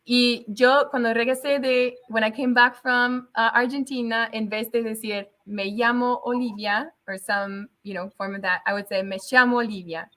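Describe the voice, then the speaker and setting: A young adult woman, a teacher, chatting as an interview guest, telling animated stories with laughs and stretches of Spanish. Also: fairly high pitch, normal speed, few pauses. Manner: animated storytelling, laughs often, switches into Spanish. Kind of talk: casual interview chat.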